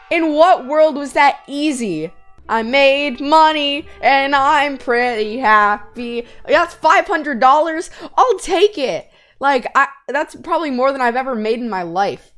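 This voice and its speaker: A woman hosting a let's-play video, talking excitedly and yelping when scared, into a close gaming mic. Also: high-pitched, faint music behind. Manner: excitable, jumps from scared yelps to quick chatter.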